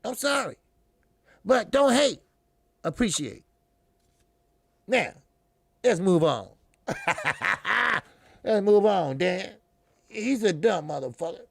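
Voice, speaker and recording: A man with a high voice and a heavy gravelly fry rants about boxing as a channel host. He is profane, repeats himself, and mocks as he goes. The sound is dry and close. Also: sing-song, takes it slowly, long pauses, no echo. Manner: profane, repetitive, mocking, fiery. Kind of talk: heated commentary monologue.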